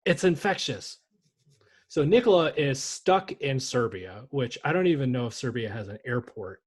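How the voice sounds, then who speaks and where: A man's voice: medium pitch, sing-song, normal speed, breathy edge. A man co-hosting a casual sports podcast, rambling and joking with frequent swearing. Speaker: podcast co-host.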